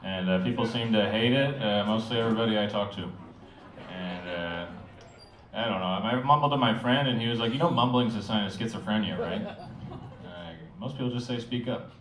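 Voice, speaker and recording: A man performing a stand-up comedy set, talking in an offhand mumble full of filler pauses. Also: lowish voice, fairly bright tone, distant mic. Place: comedy club stage. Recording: roomy club sound.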